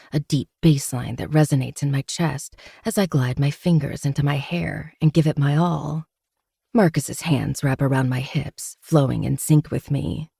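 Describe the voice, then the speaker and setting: Low husky woman reading a novel. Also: mellow, no room sound, studio quality. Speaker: narrator. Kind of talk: first-person novel reading.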